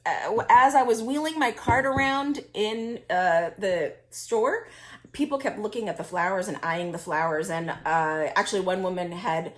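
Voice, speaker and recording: A woman reselling vintage finds tells a story in casual chat, laughing often and restarting her sentences. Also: fairly low pitch. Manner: chatty, laughs often, many fillers and restarts.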